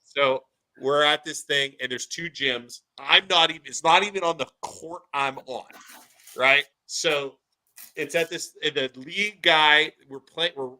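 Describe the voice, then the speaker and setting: Bright-voiced man telling a lively story. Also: medium pitch, poor audio. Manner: animated storytelling, acts out quotes. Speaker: podcast co-host. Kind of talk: casual chat.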